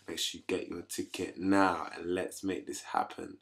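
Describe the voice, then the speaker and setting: A man's voice: sits low, moderate pace, hardly any pauses, a bit bright. A young man talking casually in his kitchen, giving a chatty, upbeat video diary about upcoming tour dates. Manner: chatty, apologetic, upbeat promo talk. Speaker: musician promoting a tour.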